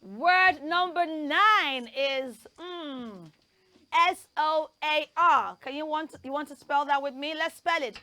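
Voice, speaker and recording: A woman hosts a children's pronunciation lesson in a high, unhurried voice. She spells each word out letter by letter and leads the kids in lively repeat-after-me drills. The sound is dry and close. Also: no echo. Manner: drills words slowly, letter by letter; lively call-and-response teacher voice. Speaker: children's TV presenter.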